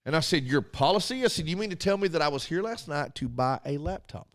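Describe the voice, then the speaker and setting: Man, radio co-host, casual storytelling, fairly high voice, acts out phone calls. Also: quick pace. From Arkansas. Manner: animated, acts out both sides of phone calls.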